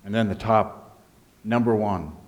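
A man preaching a sermon as pastor, emphatic, swinging between hushed and raised delivery. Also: on the low side, unhurried.

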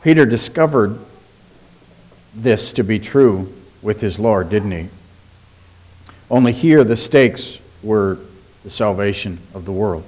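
A man preaching a sermon as pastor, emphatic, asking rhetorical questions and slowing down on key words. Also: on the low side, animated, darkish tone.

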